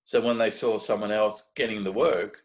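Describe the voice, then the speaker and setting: This low-quality recording captures a lowish male voice at moderate speed: a middle-aged Australian guest who works in make-up effects. Being interviewed, he spins animated, casual anecdotes, frequently starting over and performing what others said.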